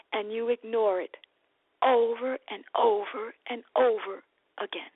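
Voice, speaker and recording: A woman nutrition coach hosts a radio program, preaching health advice with fiery, animated passion and calling her listeners "beloved" as she gets worked up. Her voice is fairly high and her pace measured. The broadcast sounds dry and phone-like, with no echo.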